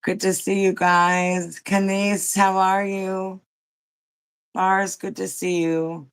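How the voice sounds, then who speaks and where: A woman hosting a relaxed livestream, talking at an unhurried, drawn-out pace. She rambles chattily with plenty of fillers and greets her viewers one by one. She sounds like she has just woken up. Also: medium pitch, clean tone. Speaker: livestream host. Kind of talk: casual livestream chat.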